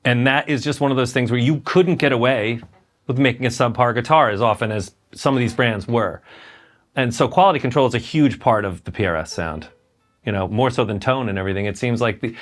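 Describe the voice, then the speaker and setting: A man interviews a guitar maker at a quick clip. He sounds eager and talks plainly, leaning into blunt, casual phrasing. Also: mid-range voice.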